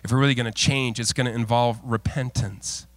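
A middle-aged male pastor preaching a sermon, mixing folksy, self-deprecating stories with earnest, lowered exhortation. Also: fairly even intonation, a little fast, no echo. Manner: folksy, self-deprecating storytelling with frequent laughs.

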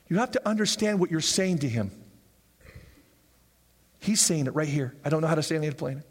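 A man preaching a sermon in a church, animated, acting out people's excuses in high voices. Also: normal speed, long pauses, big-room sound. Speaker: pastor.

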